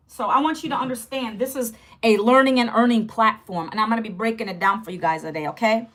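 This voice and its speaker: A woman's voice: fairly high pitch, sharp tone. Chatty woman in her fifties hosting a livestream. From United States. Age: 50s. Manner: chatty, direct, repeats "okay" and "guys". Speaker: livestream host. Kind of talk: casual livestream pitch to viewers.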